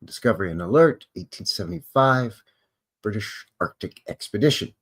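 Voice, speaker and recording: A man's voice: lowish voice, lively intonation, normal speed, a bit bright, slightly rough. A Canadian man hosting a live show, casually reading historical notes aloud and breaking off for wry, offhand asides. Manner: wry offhand asides between read-out facts.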